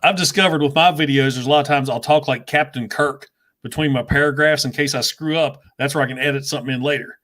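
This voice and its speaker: A man's voice: medium pitch, fast talker. A man hosting a casual chat with a fellow creator, talking freely and laughing often. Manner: chatty, laughs often, animated when telling stories. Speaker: show host interviewing a fellow creator.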